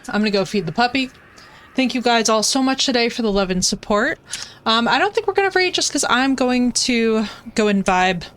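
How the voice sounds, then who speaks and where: A young woman streaming live, chatting casually with her audience in an excitable, playful way. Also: medium pitch, a little hiss or hum.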